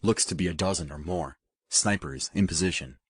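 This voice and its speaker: A man voicing a calm, grim male soldier leader who speaks evenly and jokes dryly, in an audiobook. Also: sits low, moderate pace, husky, no room sound, clean studio sound.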